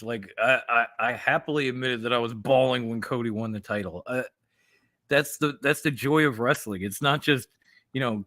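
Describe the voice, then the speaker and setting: A man's voice: medium pitch, bright, forceful tone, no echo. A man co-hosting a casual wrestling chat podcast, talking with emphatic enthusiasm and often repeating himself. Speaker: podcast co-host.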